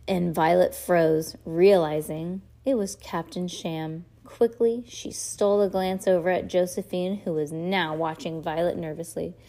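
A woman's voice: on the low side, steady tone, measured pace, creaky, hardly any pauses, warm tone. A woman reading a children's storybook aloud, breaking off for casual asides and correcting herself as she goes. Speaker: amateur reader.

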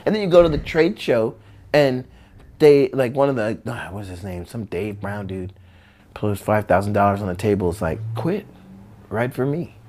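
A man's voice: lowish voice, moderate pace, a little mellow. A man and former pro skateboarder telling stories in casual talk, acting out quotes in many voices and swearing freely. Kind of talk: casual storytelling.

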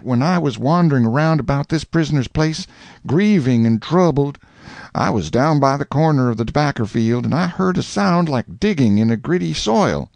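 A grieving witness gives his account in a measured, folksy way, his voice gravelly and a touch lower, as a male audiobook narrator reads him. The sound is dry and close to the mic. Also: a little mellow, no room sound. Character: grieving man testifying in court. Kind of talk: audiobook reading.

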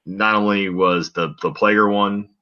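A man's voice: lowish voice, fairly even intonation, a little slow, muffled recording. A man co-hosting a casual sports podcast, chatting loosely with lots of fillers. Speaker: podcast co-host.

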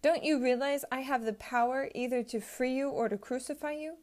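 A woman's voice: high voice, brisk, a little mellow, natural voice. A woman reading the lines of a Roman governor, an uneasy man who questions a prisoner. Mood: questioning.

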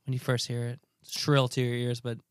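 A man's voice: mid-range voice, completely flat delivery, brisk, smooth, no echo, studio quality. Laid-back man chatting on a podcast. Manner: laid-back, laughs often, trails off mid-sentence. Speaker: podcast co-host. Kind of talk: casual chat.

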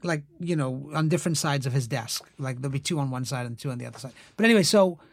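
A man's voice: mid-range voice, fast talker, gravelly, no room sound. A middle-aged actor guest in a casual interview, telling stories with lots of fillers and acting out the voices he quotes. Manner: animated, acts out quoted voices, many fillers.

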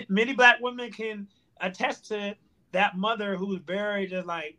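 A man hosting a podcast, chatting casually and joking with quick asides. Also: high-pitched, pushed and bright. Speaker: podcast host. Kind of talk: casual chat.

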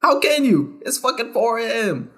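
A man's voice: very high-pitched, very animated, normal speed, a bit bright, exaggerated voice. A man playing a brash, crude father with a somewhat southern accent in a comedy sketch. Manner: brash, crude, mock-confident.

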